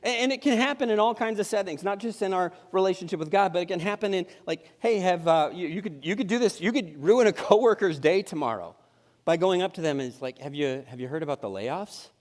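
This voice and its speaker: A man's voice: sits high, expressive, fast talker. A middle-aged male pastor preaching a sermon in a church sanctuary, in a conversational and humorous way with frequent restarts. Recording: long reverb in a church hall.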